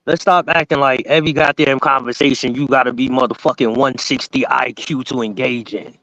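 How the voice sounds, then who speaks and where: Man, blunt panelist, bright tone, dry sound. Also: mid-range voice, steady tone, brisk, no echo, rough recording. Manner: blunt, laughing asides. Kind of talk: casual live-stream chat.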